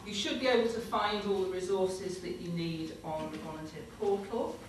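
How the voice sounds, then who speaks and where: A woman's voice: on the low side, normal speed. A woman hosting a convention, making informal announcements and presenting awards from a stage in a large hall. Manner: informal, loosely structured announcing. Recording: echoey hall from far off, noisy.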